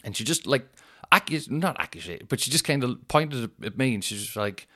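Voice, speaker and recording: A man's voice: medium pitch, normal speed. A man, hosting a podcast and telling rambling, sweary comic stories. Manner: sweary, rambling, animated retelling with shouted put-on quotes. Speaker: podcast host. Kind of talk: casual comedic storytelling.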